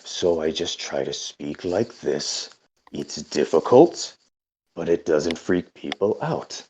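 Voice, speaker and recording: A man voicing a reformed ghoulish male ex-assassin who forces himself to speak gently and politely. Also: very deep voice, expressive, slightly rough, heavily acted. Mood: apologetic. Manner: soft, deliberate, trying to sound nice.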